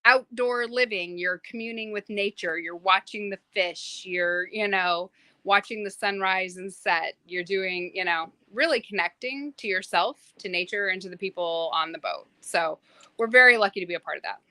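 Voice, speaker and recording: A woman's voice: medium pitch, moderate pace, no room sound. A woman who works as a private yacht chef, chatting in an interview and telling stories with lots of fillers. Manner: animated, many fillers, acts out quotes. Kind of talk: casual interview storytelling.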